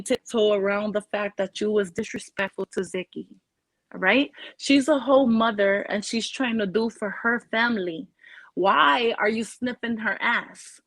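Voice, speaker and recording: A woman's voice: mid-range voice, no echo, poor audio. A Puerto Rican woman from the Bronx, talking brashly and swearing in a casual livestream chat. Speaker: livestream guest.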